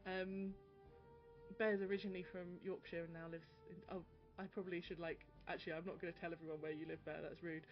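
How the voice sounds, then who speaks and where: A woman's voice: on the low side, level tone, quick pace, soft background music. A woman streaming a video game, chatting casually and laughing often while greeting viewers by name. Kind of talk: casual live-stream chat while gaming. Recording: dull audio with loud background noise.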